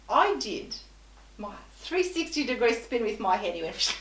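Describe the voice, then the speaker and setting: Animated woman with a bright voice. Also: on the high side, a little slow, recorded from a distance, a little hiss or hum. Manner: animated, acts out both sides of the dialogue. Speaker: guest. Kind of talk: conversational anecdote. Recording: echoey room.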